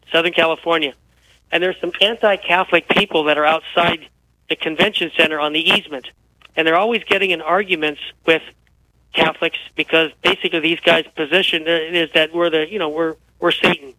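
A man who is feeling unwell, a guest telling lively anecdotes on a radio interview. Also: on the high side, no room sound, low-quality recording. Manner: animated, tells anecdotes with quoted dialogue. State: unwell, feels physically poor. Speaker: guest author.

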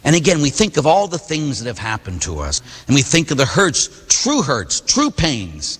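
Male priest, husky tone, animated delivery, preaching casually but with punch in a reverberant church. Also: fairly high pitch, unhurried. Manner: conversational, emphatic preaching. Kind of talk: sermon.

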